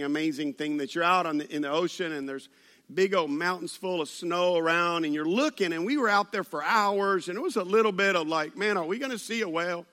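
A man preaching a sermon, telling stories with playful asides. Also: sits high. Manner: animated storytelling with playful asides. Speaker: pastor.

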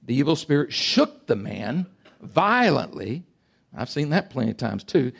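Animated gravelly preacher in his sixties. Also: medium pitch, unhurried. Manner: animated, emphatic, swings between loud bursts and quiet asides. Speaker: pastor. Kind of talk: sermon.

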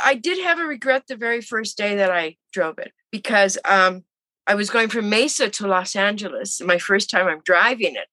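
A woman's voice: medium pitch, no room sound. A woman in her seventies, an interview guest telling her story casually and acting out the voices of people she quotes. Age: 70s. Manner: animated, acts out quoted voices.

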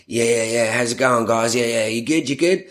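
Laddish holiday-rep bloke, chummy and repetitive, as a man puts him on, mid-pitched. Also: moderate pace, natural voice. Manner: chummy, repetitive filler-talk.

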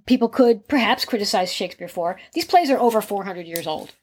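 A woman host in a conversational interview, asking questions in a measured way with some hesitations. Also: mid-range voice, animated, darkish tone, husky.

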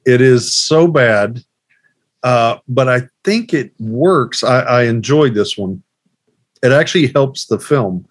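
A man's voice: mid-range voice, slow pace, dry recording. A man co-hosting a casual podcast chat, talking in a wry, opinionated way. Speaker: podcast co-host.

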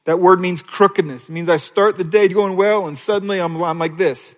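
Guy preaching a sermon, kinda high voice, goes soft then loud, big hall echo. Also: steady tone, a little fast, hardly any pauses. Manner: swings from hushed pleading to raised emphatic preaching. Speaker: pastor. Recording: long hall reverb.

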